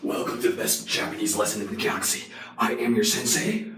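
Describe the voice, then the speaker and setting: A man's voice: lowish voice, steady tone, fairly quick, reverberant, far from the mic, noisy background. Joking man teaching a language lesson. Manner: playful and joking, mock-dramatic asides. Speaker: Japanese teacher.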